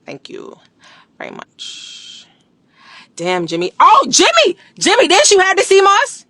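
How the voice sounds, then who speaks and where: A woman chatting casually on a live stream. She is animated, slangy and emphatic, repeats phrases for emphasis and laughs often. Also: extremely high pitch, measured pace, no room sound. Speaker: livestreamer promoting a product.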